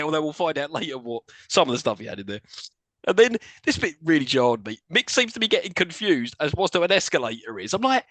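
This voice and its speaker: Lively bright-voiced podcast man. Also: on the high side, fairly quick, no echo. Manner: sardonic, recounts scenes with mock quotes. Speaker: podcast co-host. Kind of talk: casual film review chat.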